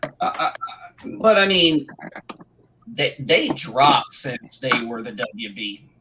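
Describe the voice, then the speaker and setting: A man's voice: mid-range voice, sing-song, slow, very noisy. A man in a casual live chat, talking in a chatty, emphatic way. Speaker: chat show panelist. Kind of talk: casual chat about old TV shows.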